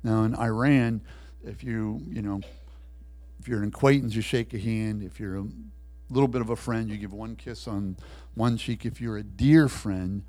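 A man preaching a sermon, telling a story and acting out the voices in it, swinging between loud bursts and hushed lines. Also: fairly low pitch, fairly even intonation, moderate pace.

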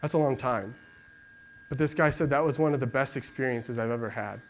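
A man's voice: medium pitch, brisk, a little hiss or hum. A young man giving a casual sermon and leading a prayer, talking conversationally and filling gaps with "like". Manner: conversational, many fillers like "like". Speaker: preacher.

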